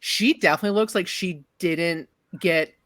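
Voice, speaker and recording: A woman's voice: on the low side, normal speed, fairly bright tone, no room sound. Giggly woman running a tabletop game. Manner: giggly, rambling with many fillers. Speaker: game master.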